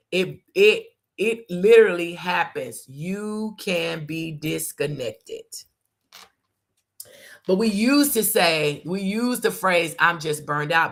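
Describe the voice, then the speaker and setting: A woman hosting a casual live talk, speaking emphatically and repeating her points, calling her listeners y'all. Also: fairly low pitch. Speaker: host.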